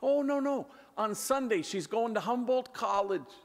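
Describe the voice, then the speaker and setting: Guy putting on a worked-up former gangster dad, high and rushed, echoey hall. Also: gravelly, heavily acted. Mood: anxious excited. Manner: excited, rushed, pleading. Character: emotional former gang member, proud father. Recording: echoey hall with long reverb.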